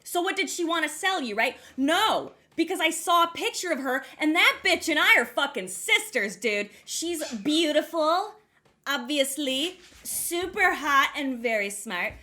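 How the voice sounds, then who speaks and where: A young woman with a high, bright voice tells a story in relaxed podcast chat. She swears freely and laughs as she goes. She acts out other people's lines with sudden leaps in pitch. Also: a little slow. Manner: acts out quoted voices with big jumps in pitch.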